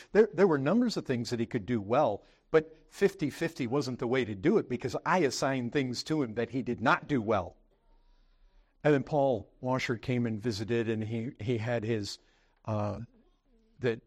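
A middle-aged man preaching a sermon to his congregation, earnest and emphatic, swinging between loud fervor and quiet storytelling and addressing the listeners directly. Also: mid-range voice. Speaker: pastor. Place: church sanctuary.

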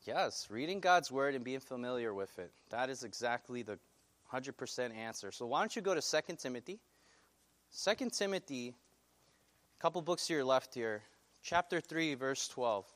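A male pastor preaching a sermon, animated and putting questions to his congregation. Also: mid-range voice, moderate pace.

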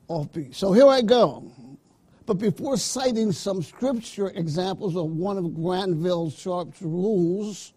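Man preaching, slow deliberate delivery, husky mellow voice, emphatic call-outs. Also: high voice. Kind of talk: sermon.

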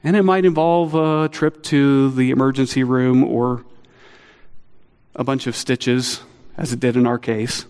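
A middle-aged man preaching a sermon, earnest and animated, acting out quotes with a lifted voice. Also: unhurried, clear, resonant tone. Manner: earnest, animated, acts out quotes with rising pitch. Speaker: pastor. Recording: long hall reverb.

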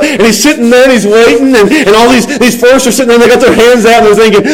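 Lively high-voiced preacher. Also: male voice, fast talker, few pauses, poor audio. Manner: animated, acts out grumbling voices, chuckles. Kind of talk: sermon.

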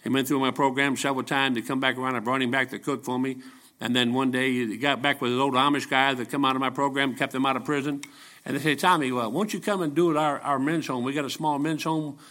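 An older man preaching a folksy, joking sermon full of stories, rising into shouted peaks. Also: medium pitch, steady tone, fast talker.

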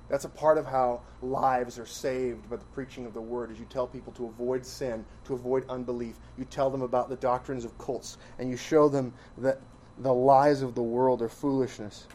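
Guy preaching a sermon, mid voice, punchy, lots of right? questions, goes loud then drops quiet. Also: medium pitch, slight background noise. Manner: emphatic, rhetorical questions, swings from loud to quiet. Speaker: pastor.

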